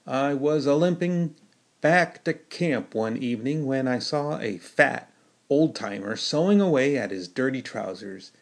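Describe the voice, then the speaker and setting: A man reads his own novel aloud for his podcast at an unhurried pace. His delivery is folksy and storytelling in manner, settled in a middle pitch. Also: gravelly. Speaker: podcast host and author.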